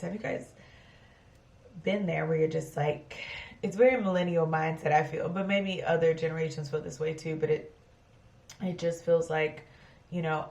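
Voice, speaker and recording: A woman in her thirties rambles through a casual vlog with lots of fillers and a gravelly edge to her voice. She sits a little back from the camera at home, so the room echoes around her. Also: deep voice, darkish tone. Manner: chatty, rambling, full of fillers. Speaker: vlogger. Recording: roomy sound from far off.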